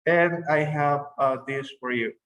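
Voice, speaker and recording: A man's voice: fairly high pitch, measured pace, a bit bright, low-quality recording. A man who speaks Spanish as a first language, teaching an English class on a video call in a patient manner, repeating words for emphasis.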